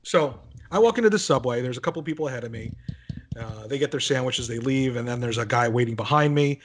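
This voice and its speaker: A man telling a story in casual chat, animated, swearing freely and acting out what people said. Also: mid-range voice, quick pace. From northern United States. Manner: animated, swearing, acts out quotes. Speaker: podcast guest.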